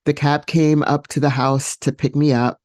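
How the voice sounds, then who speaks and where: A woman hosting a podcast, telling a personal story solo in a reflective, unhurried way with many fillers and restarts. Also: low-pitched, flat delivery, a little mellow, no echo, studio quality. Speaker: podcast host.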